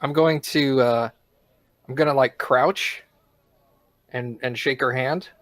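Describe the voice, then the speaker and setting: A man's voice: mid-range voice, fairly even intonation, slow, a bit bright, no echo. A man playing a tabletop game, speaking in a laid-back way. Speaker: player.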